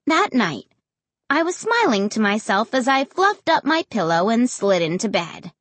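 A woman reading a first-person storybook aloud in an expressive, dramatic way. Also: on the high side, measured pace, no room sound. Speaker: audiobook narrator.

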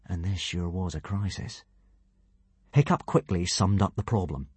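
A man narrates a children's adventure story for an audiobook, bringing playful energy to it. His low, slightly husky voice has a pitch that rises and falls in a lively way, and his pace is unhurried. The recording sounds dry and close, with no room sound.

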